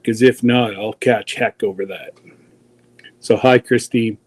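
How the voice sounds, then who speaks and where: A man's voice: lowish voice, steady tone, a little slow. A man hosting a casual livestream, chatty and folksy, greeting viewers one by one. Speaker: livestream host.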